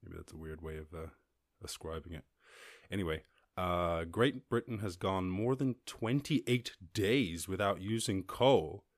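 An Irish man hosting a casual solo podcast, reading news and rambling with lots of swearing and squeaky silly voices for other people. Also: measured pace, no echo, clean studio sound. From Ireland. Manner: rambling, profane, jumps into high squeaky voices for quoted people and animals. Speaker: podcast host.

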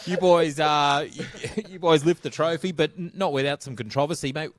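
A man's voice: a little high, moderate pace. A male podcast host, teasing his guest with joking banter. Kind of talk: casual chat.

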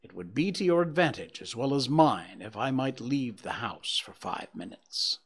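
A man's voice: mid-range voice, animated, normal speed, husky. Man doing proud defiant young man, audiobook, indignant, clipped.

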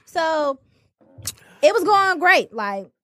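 A woman's voice: extremely high pitch, very animated, slow pace, fairly bright tone, slight background noise. A woman telling a personal story in a casual group podcast chat, laughing often and repeating herself. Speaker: podcast co-host.

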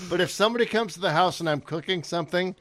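A man in his late sixties, chatting casually and teasing the others with gruff jokes. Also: high-pitched, fast talker, fairly bright tone. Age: 60s. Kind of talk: casual chat.

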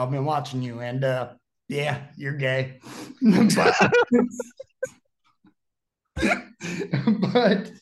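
Animated storytelling man, podcast guest. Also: a little high, vocal fry. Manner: animated, acts out the people in his stories, laughs often. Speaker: guest, pro wrestler.

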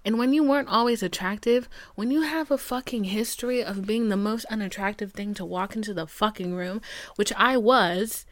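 A woman's voice: mid-range voice, moderate pace, no echo. A woman in her twenties hosting a podcast, venting in a blunt, profane, heated way, dropping to whispered asides. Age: 20s. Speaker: podcast host. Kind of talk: candid solo podcast talk.

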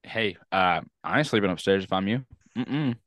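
A young man co-hosting a podcast, joking and animated, with some swearing for effect. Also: fairly low pitch, moderate pace, no room sound. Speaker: podcast co-host. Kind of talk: casual chat.

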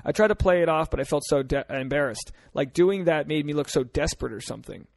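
A man's voice: a little high, animated, fast, gravelly. A man from Rhode Island hosting a comedic advice podcast, talking in a blunt, crude, joking way and acting out little scenes. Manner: blunt, crude, jokey, acts out voices. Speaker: podcast host.

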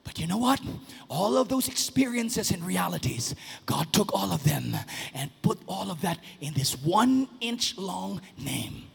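A man preaching a sermon as pastor, swinging between sing-song shouts and sudden soft, quiet asides. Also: sits high, expressive, a little slow, gravelly, slightly rough. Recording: long reverb of a large hall.

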